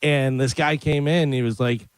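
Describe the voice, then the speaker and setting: A man co-hosting a radio talk show, telling an anecdote in a relaxed, conversational way. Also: medium pitch, normal speed, clean tone, no echo.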